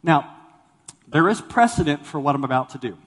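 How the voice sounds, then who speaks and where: A man's voice: fairly high pitch, expressive, normal speed, a bit bright, in a large hall. A man preaching a sermon as a pastor to a congregation, talking animatedly and acting out the people he quotes. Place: church sanctuary with congregation.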